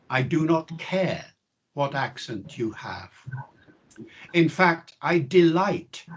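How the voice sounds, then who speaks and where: An older male linguistics professor speaks in a measured, reflective way, leaning into key points with emphasis. His voice is husky and a little high for a man. The video call audio sounds dull and lo-fi. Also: fairly bright tone. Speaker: linguistics professor, interview guest. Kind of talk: explanatory interview answers.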